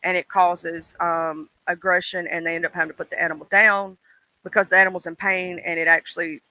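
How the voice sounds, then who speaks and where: A man's voice: high voice, level tone, fairly quick, bright, forceful tone, low-quality recording. A man hosting a stream, chatting casually and rambling with lots of ums and "you know"s, laughing as he tells childhood stories. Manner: laughs and acts out childhood voices. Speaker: stream host. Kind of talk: casual chat.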